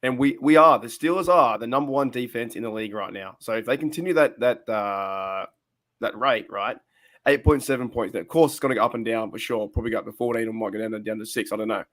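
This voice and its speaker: A man hosting a casual sports podcast, his voice hoarse and raspy from sickness, rambling with fillers and restarts. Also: mid-range voice, fast, fairly bright tone. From Australia. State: hoarse, sick voice. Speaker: podcast host.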